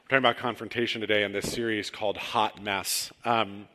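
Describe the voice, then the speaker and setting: A man preaching a conversational sermon in a church sanctuary, telling personal stories with relaxed, self-deprecating humor. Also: medium pitch. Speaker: pastor. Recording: long hall reverb.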